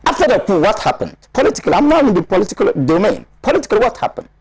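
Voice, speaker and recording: A man's voice: high voice, wildly swooping pitch, racing, a little mellow, a little hiss or hum. A man from Ghana, a studio panelist, lecturing in an emphatic, explaining manner with many repetitions. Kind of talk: studio discussion analysis.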